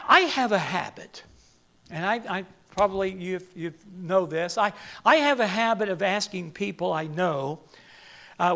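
An older man preaching a sermon, halting and repeating words, then building to emphatic peaks. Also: sits high, a bit bright.

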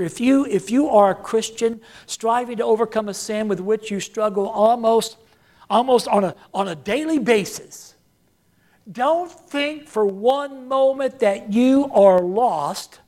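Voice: medium pitch, a little mellow. A preacher delivering a sermon, repeating key phrases for emphasis and calling on the congregation to say lines back and answer.

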